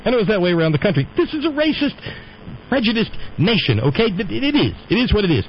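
A man's voice: sits high, big pitch swings, fast talker, lo-fi sound, slight background noise. A man hosting a radio show, talking in a rambling, opinionated monologue. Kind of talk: casual on-air monologue.

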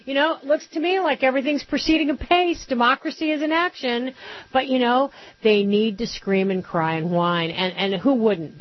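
A woman hosting a political talk radio show, sarcastic and rapid-fire with mocking asides. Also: mid-range voice, lo-fi sound.

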